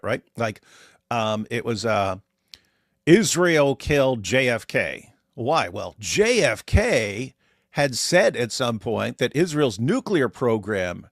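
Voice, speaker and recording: A man's voice: medium pitch, no room sound, studio quality. A man co-hosting a livestream, talking casually in a mocking, sarcastic way. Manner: animated, mocking, sarcastic asides. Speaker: co-host.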